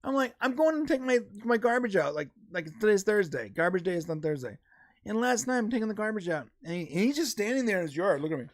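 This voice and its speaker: A man's voice: sits high, sing-song, fast talker. A man co-hosting a casual podcast livestream, telling a story and acting out both sides. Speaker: podcast co-host.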